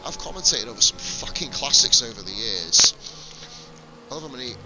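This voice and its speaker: A man's voice: medium pitch, sing-song, a little fast, over music, low-quality recording. A man with a northern English accent mixed with Welsh, commentating a sim race on a live stream and bantering with viewers, swearing freely. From northern England.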